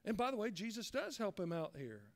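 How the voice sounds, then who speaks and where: A man's voice: sits high, big pitch swings, brisk. A man as a pastor preaching a sermon earnestly, acting out the voices he quotes.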